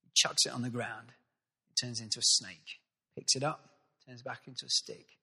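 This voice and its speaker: A man's voice: mid-range voice, normal speed, vocal fry, husky. Man preaching in an echoing church. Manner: animated storytelling, acts out voices. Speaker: pastor. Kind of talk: sermon.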